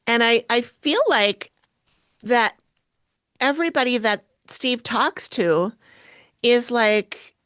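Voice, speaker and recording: A woman's voice: fairly high pitch, slow, pauses often, fairly bright tone, dry recording. Chatty woman podcast co-host, dry sound. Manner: chatty, retells scenes with quoted voices. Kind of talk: casual recap chat.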